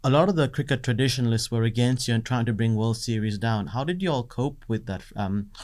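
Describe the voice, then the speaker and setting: A man's voice: medium pitch, a little fast, a little mellow. A man interviewing a guest on a podcast, asking questions in a conversational way. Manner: conversational, with fillers.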